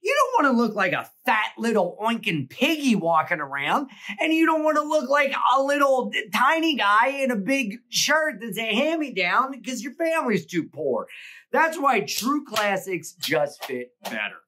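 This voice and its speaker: A podcast host reading a sponsor ad in a goofy, jokey way. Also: male voice, very high-pitched, sing-song, moderate pace, bright, forceful tone. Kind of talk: comedic ad read.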